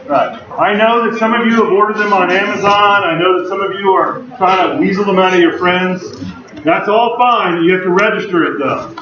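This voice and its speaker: In a very echoey lecture hall, a man with a high-pitched voice lectures a university class at a moderate pace, relaxed and chatty with asides. His slightly raised voice sounds far from the microphone, and the recording is dull and lo-fi with a faint hum.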